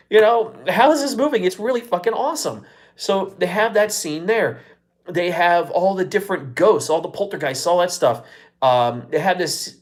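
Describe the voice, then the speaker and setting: An American man hosting a live show, talking casually and excitedly, with heavy swearing and many fillers. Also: sits high. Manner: excitable, profane, lots of fillers. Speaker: podcast host. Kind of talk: casual live-stream chat.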